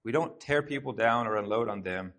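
A man's voice: fairly low pitch, a little fast, fairly bright tone. A pastor preaching a sermon to his congregation in a church, talking in an earnest, conversational way with asides to the crowd. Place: church sanctuary.

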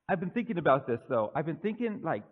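Preacher guy doing a giddy stammery young joseph, higher voice, tinny sound. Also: husky, full character voice. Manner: breathless, stammering, gushing. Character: young Joseph, excited rambling young man. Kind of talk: dramatized monologue in a sermon.

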